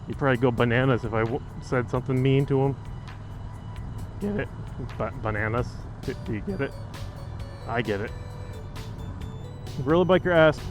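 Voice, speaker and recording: A man's voice: medium pitch, moderate pace, long pauses, faint music behind. A man chatting casually while riding a motorcycle outdoors, joking and rambling with lots of fillers, into a helmet mic. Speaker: motovlogger.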